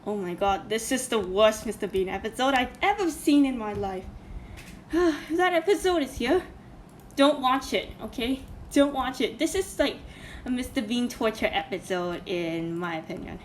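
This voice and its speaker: Reaction host, female, high voice; indignant, profane, filler-heavy rant with faint background noise. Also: animated, normal speed. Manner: indignant, swears a lot, many fillers. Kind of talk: casual reaction commentary.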